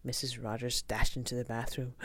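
A woman reading a children's storybook aloud, gentle and expressive. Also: very deep voice, moderate pace, no echo.

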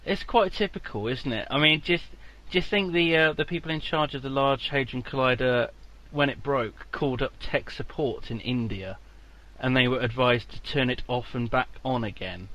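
A man's voice: medium pitch, moderate pace, a bit bright, poor audio. Dry-humored male podcast co-host. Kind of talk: casual chat.

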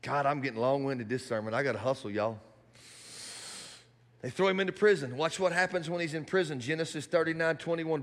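A man preaching a sermon in a church hall, animated and building to shouts. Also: mid-range voice, a little fast.

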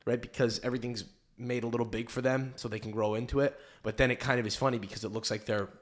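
A man's voice: medium pitch, steady tone, fast talker. A young man hosting a podcast in casual chat, rambling through stories and swearing often. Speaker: podcast host.

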